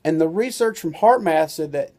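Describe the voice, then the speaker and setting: A man's voice: a little high, animated, moderate pace, darkish tone. A man who is a doctor and author gives an informal talk-to-camera lesson, rambling loosely with lots of "you know" and "like".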